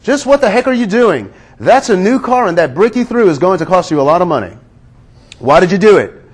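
A man voicing an angry young executive who demands answers, with a fairly high voice. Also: sing-song, a little fast, husky, heavily acted. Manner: shouting, demanding.

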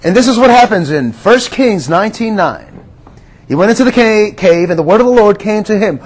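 High-voiced earnest male preacher. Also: expressive, moderate pace. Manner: earnest, drops to a hush on quiet words; conversational, addresses listeners as friends. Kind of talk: sermon.

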